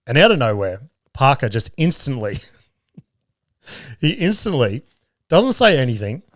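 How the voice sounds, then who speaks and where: A very animated Australian guy in his thirties hosts a podcast, speaking a little slowly in a mid-range voice. He's loose and sweary, chuckling often through his storytelling chat, and the dry studio mic picks up no room sound.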